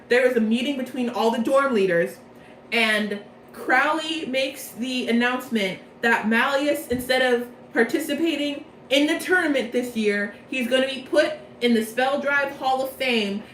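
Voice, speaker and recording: A woman's voice: a little high, fairly bright tone. Brief: casual, self-correcting woman recapping a story, distant mic, faint background hum. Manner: rambling, chatty, self-interrupting. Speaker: vlogger. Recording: echoey room, mic far off.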